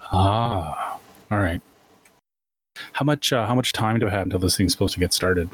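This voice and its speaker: A man playing a tabletop game who talks in a halting way, full of fillers. His voice is low and a little husky. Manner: hesitant, with many fillers. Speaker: player. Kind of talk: casual chat in a tabletop game.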